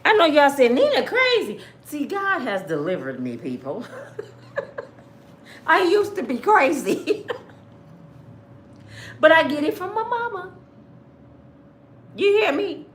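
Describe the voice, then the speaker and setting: A woman from Michigan who hosts a livestream and tells her own stories to viewers in a blunt, animated, outspoken way. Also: sits high, slow, pauses often, echoey room. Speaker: livestream host. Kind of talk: casual storytelling to viewers.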